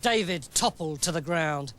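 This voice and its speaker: A man narrating a children's story, lively and playful. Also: a little high, normal speed, very noisy. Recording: music playing under the voice.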